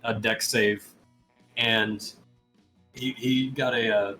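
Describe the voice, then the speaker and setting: A man in a mid register narrating a tabletop adventure as game master. He laughs often and chats loosely with his player over soft background music. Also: medium pitch, fairly even intonation, slow.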